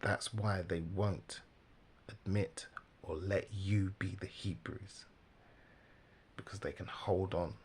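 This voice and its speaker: A man giving casual, animated religious commentary, laughing often and mimicking the people he talks about. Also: low-pitched, takes it slowly, pauses often, slight background noise.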